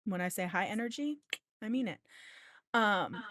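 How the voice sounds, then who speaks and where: A young woman tells a story on a podcast in a loose, rambling way, full of asides and casual swearing. Her voice sits at an average pitch and sounds dry and close to the mic. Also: animated, normal speed, a bit bright, no room sound. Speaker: podcast co-host.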